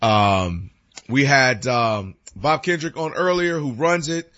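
A man's voice: mid-range voice, slow, fairly bright tone, muffled recording. A man co-hosting a radio show, chatting in a laid-back, slangy way. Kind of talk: casual sports radio chat.

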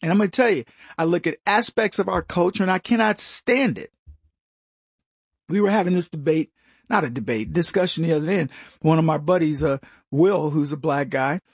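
A man's voice: fairly high pitch, a little fast, vocal fry, husky, no room sound, clean studio sound. An American man delivering an emphatic, opinionated monologue as a commentator. He often stumbles and restarts his sentences and mocks other people's voices. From United States.

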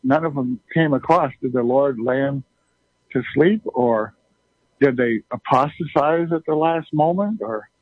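A man's voice: fairly high pitch, animated, a little slow, no echo. A male caller politely asking a question on a radio call-in show. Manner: polite, courteous. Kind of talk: calling in with a question. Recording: tinny phone line.

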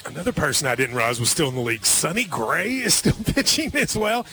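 A man's voice: a little high, big pitch swings, fairly quick, pushed and bright. A man hosting a casual radio sports talk segment, playful with jokey asides.

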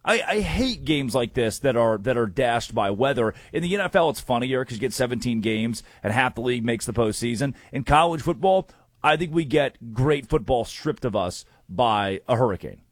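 A man hosting a sports talk show, energetic and opinionated in casual chat. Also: mid-range voice, moderate pace, no echo. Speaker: sports radio host.

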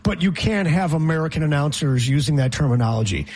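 A man co-hosting a casual podcast chat, teasing and ranting with a husky voice. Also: on the high side, animated, quick pace, darkish tone, faint music behind. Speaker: podcast co-host.

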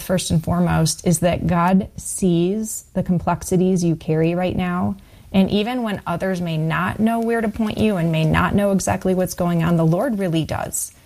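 A woman co-hosting a Christian radio show, offering gentle, reflective encouragement. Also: lowish voice.

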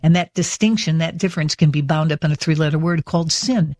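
Male radio interviewer, husky, higher-pitched, dry close mic, eager and long-winded. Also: quick pace, a little mellow, no echo. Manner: enthusiastic, wordy, sincere. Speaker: radio host. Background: faint music near the end.

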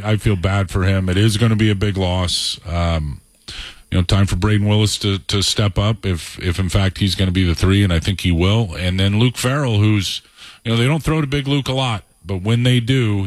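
A man's voice: low voice, no room sound. A middle-aged man chatting casually on sports radio as a football analyst, telling rambling, digressive stories.

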